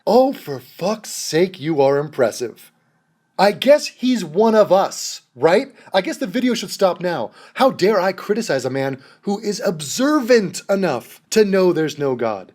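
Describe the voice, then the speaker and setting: A man's voice: high voice, very animated, measured pace, few pauses, darkish tone. A man giving a sarcastic, profane commentary rant, mocking and exasperated as he reacts to a clip. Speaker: commentary vlogger.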